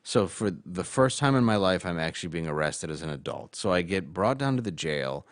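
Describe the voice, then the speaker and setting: Low-voiced man telling a story. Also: animated, fairly quick, dry recording, clean studio sound. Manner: candid, self-mocking storyteller. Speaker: stand-up comedian guest. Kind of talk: casual storytelling.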